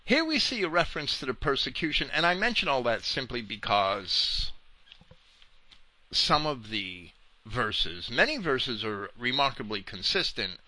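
A man preaching through scripture at an unhurried pace, his tone sharp and forceful. His pitch climbs and drops widely as he presses his points, and the sound is close and dry. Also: very animated, dry recording. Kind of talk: slow verse-by-verse Bible commentary.

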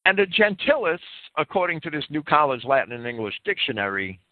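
A man's voice: on the high side, big pitch swings, fairly quick, no room sound. A man hosting a live talk-radio show from a private home, earnestly reading definitions aloud and expounding on them. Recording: tinny phone-line audio.

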